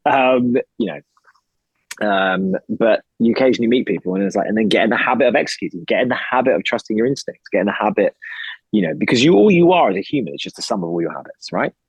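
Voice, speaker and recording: A man's voice: on the low side, lively intonation, fast talker, vocal fry, husky, no echo, rough recording. A man in his thirties talking casually and energetically as a podcast guest, rambling and swearing now and then. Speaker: podcast guest, investor and founder. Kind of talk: casual conversation.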